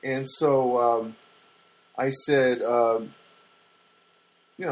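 A man's voice: mid-range voice, fairly even intonation, slow pace, long pauses, low-quality recording. A middle-aged man hosting a podcast, telling a long, rambling, self-deprecating story full of fillers. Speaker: podcast host.

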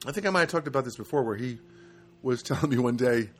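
A man telling stories in a casual monologue, rambling and animated with many restarts. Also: mid-range voice, quick pace, slightly rough.

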